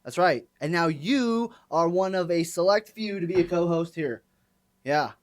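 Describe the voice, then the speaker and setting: A woman's voice: fairly low pitch, animated, moderate pace. A young woman hosting a live college sports radio show, playful and hyped, teasing her co-host. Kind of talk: live campus radio banter. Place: campus radio studio.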